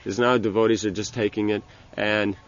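Gravelly low-voiced man giving informal religious talk. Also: flat delivery, highs cut off. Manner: halting, many restarts and "you know". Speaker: spiritual teacher.

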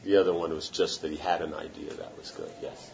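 A man's voice: a bass voice, steady tone, fairly quick, creaky, a little mellow. A man giving an informal devotional talk, conversational and often asking if his point makes sense. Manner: conversational, often checks for understanding. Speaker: spiritual teacher. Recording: slightly muffled recording with faint room noise.

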